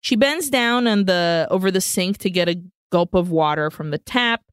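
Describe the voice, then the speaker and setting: A woman's voice: lowish voice, expressive, normal speed, smooth, no echo, studio quality. A woman co-hosting a podcast, retelling a film scene by scene in a casual, profane way and slipping Spanish phrases in. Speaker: podcast co-host. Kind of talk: casual movie recap chat.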